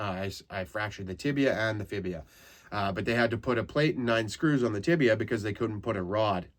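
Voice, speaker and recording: Canadian comedian guy, lowish voice, rambly swear-y stories, gets loud when he acts stuff out. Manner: profane, rambling, gets loud and animated in retellings. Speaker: comedian, podcast host. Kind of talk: casual comic storytelling.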